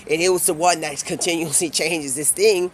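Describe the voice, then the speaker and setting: A man's voice: fairly high pitch, fairly even intonation, a little hiss or hum. A man streaming live, rambling through an improvised story and jumping between quoted voices. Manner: rambling, stream-of-consciousness, quick voice switches.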